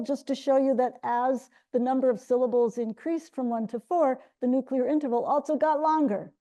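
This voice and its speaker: A woman's voice: high-pitched, dark tone. A middle-aged woman giving an academic linguistics talk, explaining step by step with frequent restarts. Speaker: linguistics lecturer.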